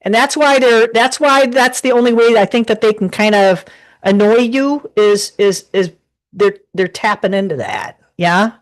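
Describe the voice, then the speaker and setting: A woman gives a loose, chatty tarot reading from her desk at home. She rambles along and restarts her sentences often, and her voice sits at a middle pitch. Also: unhurried. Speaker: tarot reader. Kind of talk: casual live tarot reading.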